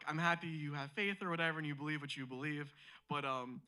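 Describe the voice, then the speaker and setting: Male stand-up host, stumbles over himself, then yells bits; bright, keen tone. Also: a little high, steady tone, fast, rough recording. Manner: rambling, self-interrupting, bursts into loud shouted impressions. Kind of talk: live stand-up comedy. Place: comedy club stage with audience.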